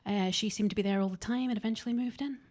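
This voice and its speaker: Woman comic, dry and deadpan, club stage mic. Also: medium pitch, quick pace. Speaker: stand-up comedian. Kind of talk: stand-up comedy. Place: comedy club basement stage.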